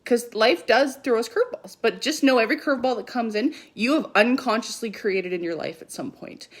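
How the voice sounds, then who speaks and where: A woman's voice: a little high, brisk. Emphatic casual woman spiritual coach. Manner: earnest, emphatic, casual swearing; animated when quoting her kids. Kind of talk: livestream talk.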